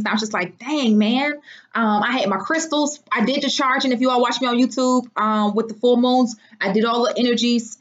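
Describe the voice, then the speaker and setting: A woman from Washington, D.C., chatting casually and rambling on her livestream, using folksy slang. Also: a little high. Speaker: livestream host. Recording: dull lo-fi sound.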